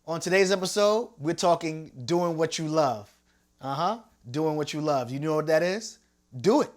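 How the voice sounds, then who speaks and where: A man's voice: fairly high pitch, normal speed. A male radio host giving a motivational talk, stressing and repeating each point like a coach.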